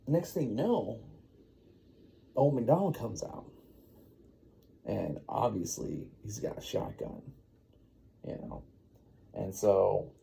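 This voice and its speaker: Speaking in a creaky, mid-range voice with a dark tone, a dad makes up a bedtime story at home while looking after a baby. A faint hiss or hum sits in the background. He rambles casually, leaning heavily on "you know."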